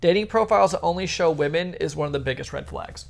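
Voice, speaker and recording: A man's voice: a little high, quick pace, creaky. Easygoing man podcast co-host. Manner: easygoing, conversational, a bit rambling. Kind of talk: casual chat.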